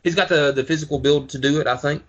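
A man talking casually as a podcast co-host, halting with many fillers and repeated words. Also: a little high, lo-fi sound. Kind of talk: casual chat.

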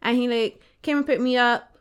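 Animated young woman, higher voice. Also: moderate pace, clear, resonant tone. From Barbados. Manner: animated storytelling, swears freely, acts out quoted voices. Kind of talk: casual chat.

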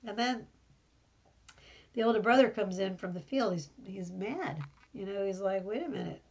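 A woman's voice: medium pitch, measured pace, darkish tone, breathy edge, dull audio. A woman hosting a casual Bible teaching podcast from home, talking in a rambling, conversational way with many fillers. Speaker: podcast host.

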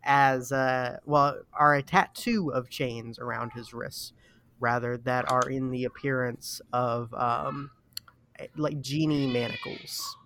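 A male podcast host in easy chat with friends, talking slowly and winding through his thoughts with plenty of pauses. He laughs at himself as he goes, and his voice sits at an ordinary middle pitch. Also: steady tone, fairly bright tone, a little hiss or hum. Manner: halting and rambling, laughs at himself. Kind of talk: casual chat among friends.

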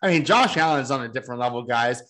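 A man's voice: medium pitch, animated, racing, a bit bright. A man co-hosting a casual sports podcast, building his case by reading off game statistics. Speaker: podcast co-host.

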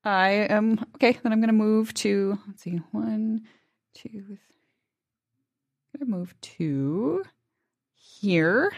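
Bedächtige Spielerin, trocken aufgenommen. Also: female voice, medium pitch, lively intonation, slow pace, creaky, long pauses, no room sound, highs cut off. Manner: thoughtful, tentative, light laughs. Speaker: player. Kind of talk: playing a tabletop game.

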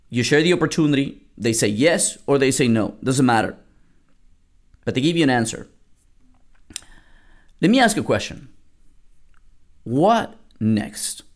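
A man in his thirties, originally from Peru, coaching listeners on network marketing in a solo podcast. His fairly high voice swings widely in pitch as he rambles and throws questions at his audience. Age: 30s. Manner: animated, rambling, laughs and asks listeners questions.

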